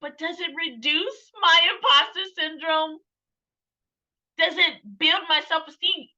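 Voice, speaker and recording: A high, very bright female voice that speaks slowly and earnestly, musing and asking herself questions. She laughs often as she reflects on faith. The sound is dull and lo-fi. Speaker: Christian counselor.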